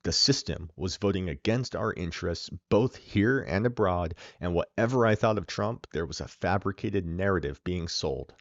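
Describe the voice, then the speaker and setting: A man's voice: sits low, lively intonation, normal speed, hardly any pauses, no room sound. A man hosting a podcast, delivering a sarcastic, opinionated political monologue with emphatic stresses. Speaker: podcast host. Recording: dull lo-fi dry recording.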